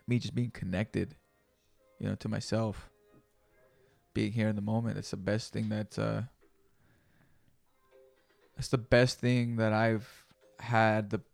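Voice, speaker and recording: A man's voice: fairly low pitch, gravelly, a little mellow, no room sound. Profane, rambling male podcaster. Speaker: podcast host. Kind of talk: casual solo podcast monologue.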